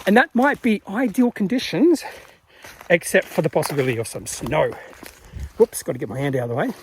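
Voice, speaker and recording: High-voiced man vlogging a hike. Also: a little fast, slight background noise. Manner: chatty, rambling, lots of fillers and self-corrections. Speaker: hiking vlogger. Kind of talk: casual vlog narration while hiking. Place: outdoors on a rainforest trail.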